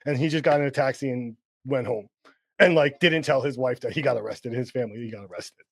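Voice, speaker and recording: Man, podcast co-host, rambling casual storytelling, mid pitch, dry close mic. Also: quick pace, vocal fry, dry recording. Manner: relaxed, rambling with many fillers.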